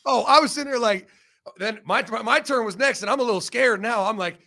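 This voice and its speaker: A man from Ohio, a former football coach, chatting as a guest and telling profane, animated stories. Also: very high-pitched, brisk. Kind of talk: casual sports chat.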